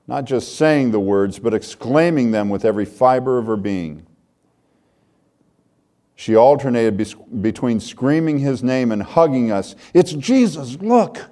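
A man's voice: mid-range voice, dark tone. An older man preaching a sermon, reading a story aloud in an earnest, heartfelt way.

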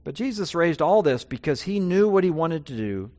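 A man preaching a sermon, his voice swelling loud and high on key points and dropping low and quiet on others. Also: sing-song, normal speed. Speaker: pastor.

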